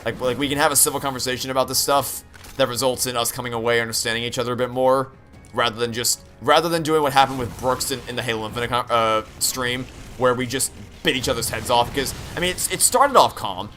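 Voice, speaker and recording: A man's voice: medium pitch, fast talker, pushed and bright, faint music behind. A young man streaming a game, rambling candidly with frequent restarts and profanity. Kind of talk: live-stream chat while gaming.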